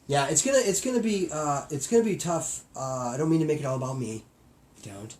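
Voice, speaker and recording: A middle-aged man co-hosting a podcast, chatting in an excitable, goofy way. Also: fairly high pitch, brisk. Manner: excitable, goofy, prone to playful voices. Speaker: podcast co-host. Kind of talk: casual comedic banter.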